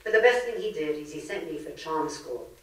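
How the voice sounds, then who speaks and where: A woman voicing a wry elderly mother who answers in a dry, deadpan way. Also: sits low, brisk. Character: wry elderly mother, the unimpressed third lady. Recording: echoey hall from far off, faint noise.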